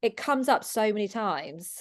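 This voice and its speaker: Lady hosting her podcast, excited and chatty, mid voice. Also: mid-range voice. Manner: enthusiastic, chatty, quick to laugh. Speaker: podcast host. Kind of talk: casual interview chat.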